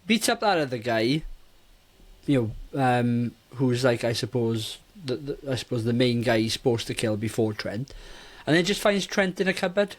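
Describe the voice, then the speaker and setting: Man, podcast co-host, casual film chat, animated, lots of pitch swings, rambling. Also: moderate pace. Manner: animated, rambling, self-interrupting. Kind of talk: casual movie review chat.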